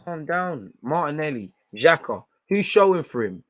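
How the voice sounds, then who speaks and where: A young man streaming a football watchalong, shouting at players and slipping into slang as he grows frustrated. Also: a little high, very animated, moderate pace, no room sound, studio quality. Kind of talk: live match reaction commentary.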